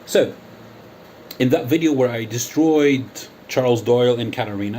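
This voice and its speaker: A man hosting his own channel, launching into a combative callout with a taunting, emphatic edge. He stretches out key words for drama, his voice sitting at a middling pitch, and there is a faint hum behind him. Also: moderate pace, mellow. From United Kingdom. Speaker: channel host. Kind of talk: angry callout monologue. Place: Athens, Greece.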